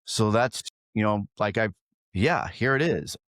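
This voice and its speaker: A man's voice: mid-range voice, normal speed, no echo, studio quality. A man hosting a podcast, talking casually and appreciatively with frequent restarts. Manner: warm, appreciative, rambling with restarts. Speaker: podcast host.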